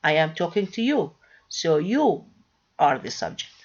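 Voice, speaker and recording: A woman's voice: sits low, big pitch swings, a little slow, breathy edge, dull audio. A woman with an Arabic accent teaching English grammar in a recorded lecture. She asks questions and answers them herself, with frequent hesitations and restarts.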